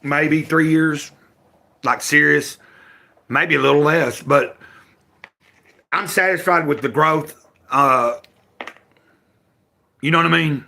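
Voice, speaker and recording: A man's voice: a little high, fairly even intonation, slow, gravelly, long pauses, sharp tone. An older man from Tennessee with a Southern accent, chatting casually and rambling with his live-stream viewers from home. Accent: Southern American. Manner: rambling, self-correcting, folksy. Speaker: livestream host.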